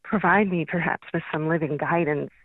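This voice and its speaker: A woman's voice: deep voice, moderate pace, no room sound. A woman calling in to a radio show, asking her question hesitantly and searchingly. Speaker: caller. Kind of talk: phone-in question. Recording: tinny phone line.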